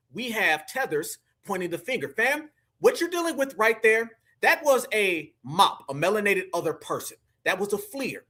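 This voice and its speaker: A man's voice: sits high, bright, forceful tone. A man hosting a live stream, reacting to clips with slangy, mocking commentary and talking straight to his chat. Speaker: livestream political commentator.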